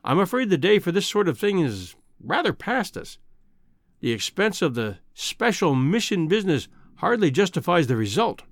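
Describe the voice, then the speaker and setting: A man voicing a brisk older male newspaper news editor, dry and clipped with a teasing edge. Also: high-pitched, very animated, dry recording, full character voice. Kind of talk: audiobook character reading.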